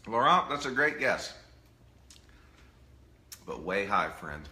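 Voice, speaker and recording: A man's voice: lowish voice, big pitch swings, takes it slowly, pushed and bright, reverberant. A man giving a casual live-stream lecture, joking with the chat and tagging his points with "right?". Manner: jokey, peppers points with "right?". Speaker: presenter of a live online talk.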